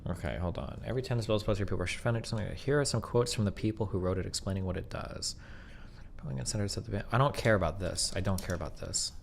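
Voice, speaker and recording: A man's voice: on the low side, quick pace, gravelly, slight background noise. A man in his thirties, a streamer debating in a casual, blunt, profane way and reading out bill text.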